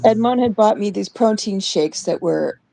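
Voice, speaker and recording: A woman's voice: mid-range voice, expressive, normal speed, creaky, mellow, rough recording. A young adult woman from Canada, co-hosting a podcast, telling a story in casual chat, acting out the voices she quotes and swearing freely. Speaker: podcast co-host.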